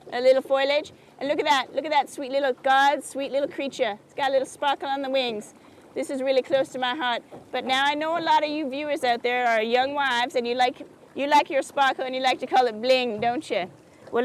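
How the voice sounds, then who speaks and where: Actress as a perky craft-show host, high, folksy and sugary; outdoors by a lake. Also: female voice, a little hiss or hum, lightly acted, rough recording. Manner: chirpy, folksy and sugary, keeps asking "isn't that sweet". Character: perky, oblivious small-town woman who hosts a craft show. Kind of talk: comedic public-access TV hosting.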